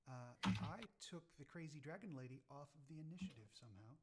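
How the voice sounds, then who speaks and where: A man's voice: on the high side, expressive, fast talker, fairly bright tone. A young man running a tabletop game as game master, narrating unhurriedly with many fillers.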